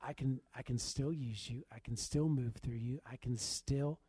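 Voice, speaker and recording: A man tells a personal testimony like a preacher, bringing the story to life and acting out each exchange. His voice is husky and mellow. The recording is dry and close. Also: mid-range voice, normal speed, dry recording. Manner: animated, acts out quoted dialogue.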